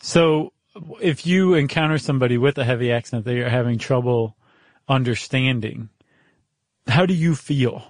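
A man's voice: mid-range voice, moderate pace, no echo, clean studio sound. A middle-aged man with a General American accent, hosting a podcast in casual, teasing chat. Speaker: podcast host.

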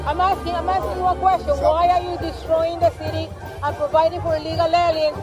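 A woman's voice: very high-pitched, little pitch movement, brisk. A woman from Honduras with a Central American accent, insistently repeating questions while confronting a politician outdoors. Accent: Central American Spanish. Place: city street outdoors. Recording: loud crowd and street noise, music.

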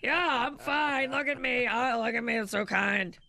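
A woman's voice: on the high side, moderate pace, creaky, bright, forceful tone, no room sound. A woman mocking a smugly oversensitive man in a sing-song voice.

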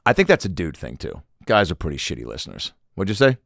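A man's voice: low-pitched, very animated, fast, gravelly, fairly bright tone, no room sound, studio quality. A man hosting a podcast, telling a rambling, profane, self-mocking comedic story. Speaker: podcast host.

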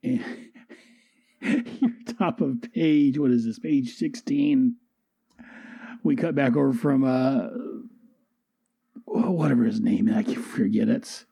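A husky man with a very dark, mellow tone rambles happily through a comic book review. He talks casually, repeats himself and corrects his phrasing as he goes, clearly enjoying the story. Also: medium pitch, slow pace, long pauses, no echo. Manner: rambling, enthusiastic, self-correcting.

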